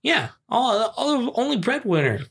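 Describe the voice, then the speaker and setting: A man's voice: very high voice, sing-song, a little slow, vocal fry, fairly bright tone, breathy edge. A young man co-hosting a podcast, riffing casually, swearing freely and spinning hypothetical scenarios. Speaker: podcast co-host. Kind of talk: casual chat.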